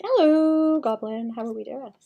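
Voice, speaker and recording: A young adult woman streams herself painting, chatting casually in a mid-range voice at a slightly slow pace. She thinks aloud, trails off and restarts sentences, and mutters occasional asides. The audio has its highs cut off.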